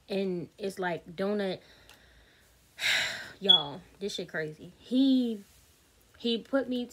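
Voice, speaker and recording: A woman's voice: medium pitch, a bit bright. A woman, telling a storytime vlog straight to her viewers, candid, blunt and swearing freely. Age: 30s. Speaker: vlogger.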